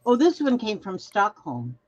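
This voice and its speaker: A woman's voice: medium pitch, big pitch swings, a little slow, a little mellow, lo-fi sound. An older woman from Minnesota chatting casually as a craft livestream host, reading viewer comments aloud and trailing off mid-sentence.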